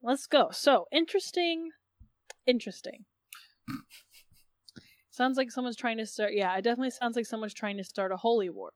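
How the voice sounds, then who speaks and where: Female player, fairly high voice, teasing, dry close sound. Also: quick pace, few pauses, dry recording. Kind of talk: casual game chat.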